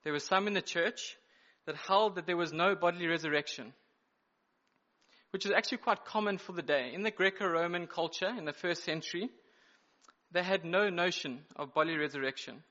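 Man, preacher, sermon, bright forceful tone, emphatic teaching, dull lo-fi sound. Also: high voice. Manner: explanatory, emphatic teaching with pauses and self-corrections. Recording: dull lo-fi recording.

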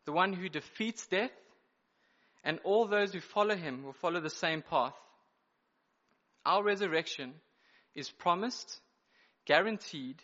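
A man preaching an evening sermon, explaining scripture in an emphatic teaching manner with measured pauses and occasional self-corrections. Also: on the high side, pushed and bright. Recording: dull lo-fi recording.

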